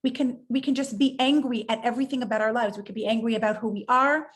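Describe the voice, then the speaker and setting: Woman, high voice, rebbetzin guest, lively storyteller acting out quotes. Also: quick pace. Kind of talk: inspirational talk in an interview.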